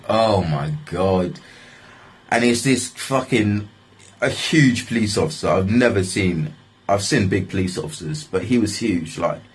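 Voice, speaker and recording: A man's voice: low-pitched, slightly rough. A man telling a story in a loose, casual way, swearing freely and filling his talk with fillers.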